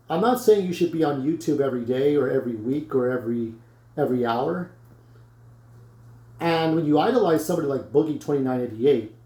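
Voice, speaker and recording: A man's voice: a little high, mellow. Blunt, rambling man in an echoey room. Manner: blunt, rambling, swears freely. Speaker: YouTuber vlogging to camera. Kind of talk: casual rant to camera.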